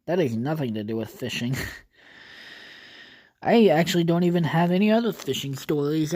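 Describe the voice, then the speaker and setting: Male solo podcaster, mellow tone, loose unscripted rambling with frequent cursing. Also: on the high side, expressive, moderate pace. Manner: rambling, casually profane, thinks aloud with fillers. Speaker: podcast host. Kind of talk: casual solo podcast monologue.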